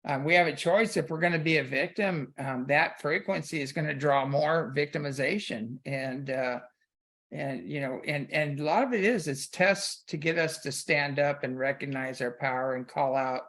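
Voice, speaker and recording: A man's voice: mid-range voice, fairly bright tone. A man hosting a talk radio show, telling a personal story in loose, casual conversation full of "you know".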